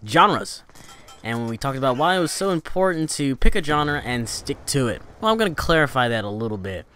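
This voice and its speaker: A young man in a casual vlog, rambling through advice with plenty of fillers and false starts. His voice is mid-pitched and sways up and down for emphasis. A faint hiss of noise sits under the recording. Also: very animated, fairly quick, sharp tone. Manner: rambling, with many fillers and restarts; pitch rising and falling for emphasis. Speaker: gaming channel host. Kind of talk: casual instructional vlog talk.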